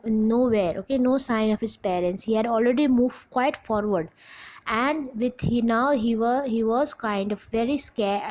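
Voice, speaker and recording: A young woman teacher with an Indian English accent, retelling a story to her class in a halting way, often stopping to check in with "okay?". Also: on the high side, darkish tone, rough recording.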